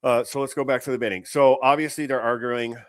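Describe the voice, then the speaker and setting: A man's voice: medium pitch, steady tone, fast, noisy background. A man hosting a show, giving a blunt, profane running commentary on video clips. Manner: blunt, swearing, fired up. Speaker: show host reacting to clips.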